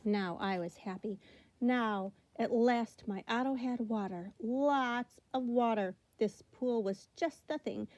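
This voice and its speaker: Woman reading kids' book aloud, expressive, voice on the higher side. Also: slow, no echo. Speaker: storybook reader.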